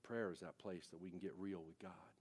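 A man's voice: sits low, steady tone, a little fast, a little mellow, slightly rough. A man in his forties, a pastor, preaching a sermon in a casual, conversational way, with frequent asides to the congregation.

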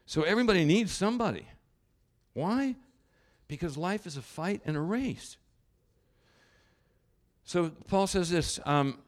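A man's voice: on the high side, big pitch swings, a little slow, long pauses. A man preaching a sermon as a pastor, in a conversational, wry way with asides and restarts.

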